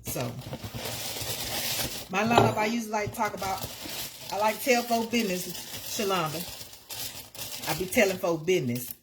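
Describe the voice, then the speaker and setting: A woman's voice: mid-range voice, normal speed, long pauses, background noise. A woman, hosting a casual live stream and chatting to viewers in a repetitive, easygoing way. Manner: chatty, repeats herself, talks to viewers by name.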